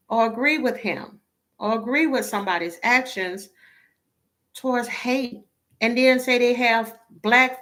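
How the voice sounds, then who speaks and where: With a slightly high, somewhat bright voice, this woman chats with her viewers as a tarot reader. She comes across tired, fed up and emotionally spent, and she's blunt, cursing occasionally.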